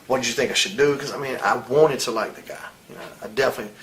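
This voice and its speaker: Rapid-fire and fairly bright in tone, this medium-pitched man in his forties is a wrestler giving a frank interview. He spins heated stories full of profanity and doesn't soften anything. The recording quality is poor.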